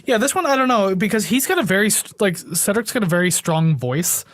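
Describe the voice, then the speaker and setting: Fast-talking high-voiced young man. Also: expressive, fairly bright tone, no echo. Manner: enthusiastic and rambling, says "like" a lot. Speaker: podcast co-host. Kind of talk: casual chat.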